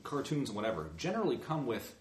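A man's voice: medium pitch, sing-song, fast, reverberant. A man co-hosting a casual movie chat, joking crudely and restarting his sentences a lot. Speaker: podcast co-host.

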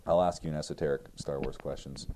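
A man's voice: very deep voice, fairly even intonation, fast talker, dark tone, a little hiss or hum, low-quality recording. A man in casual chat, teasing and arguing in a crude, joking way.

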